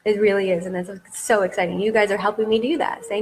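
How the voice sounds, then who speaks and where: A woman's voice: mid-range voice, steady tone, fast talker. A woman business coach giving a masterclass, talking with eager, repetitive emphasis. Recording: long hall reverb.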